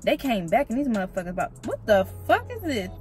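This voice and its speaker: A woman's voice: on the high side, fast talker, soft background music, low-quality recording. Blunt, profane young woman vlogger eating. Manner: blunt, profane, animated storytelling while eating. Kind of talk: casual mukbang chat. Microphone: vlog camera.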